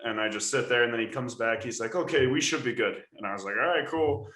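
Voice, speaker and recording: An American man co-hosting a podcast, telling a story in a casual, animated way with laughs. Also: mid-range voice, fast. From United States. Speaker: podcast co-host. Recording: roomy echo.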